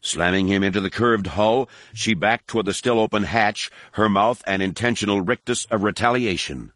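A man narrating an audiobook in a steady, measured storytelling delivery. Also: on the low side, dry recording, clean studio sound. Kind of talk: scripted narration.

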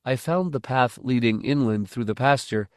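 A man narrating a first-person novel in a measured, reflective way. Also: medium pitch, clean tone, no echo, studio quality. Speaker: audiobook narrator.

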